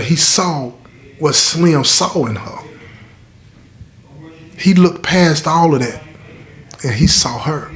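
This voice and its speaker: A man's voice: medium pitch, fairly bright tone. A middle-aged man, a former inmate, telling a story in an emphatic, direct way and speaking straight to his listeners. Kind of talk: casual storytelling.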